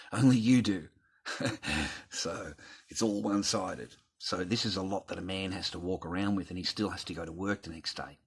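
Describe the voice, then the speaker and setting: A man's voice: low voice, fairly bright tone, husky. A middle-aged Australian man, host of his own channel, telling a rambling story to viewers and swearing heavily. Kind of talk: casual rant to viewers.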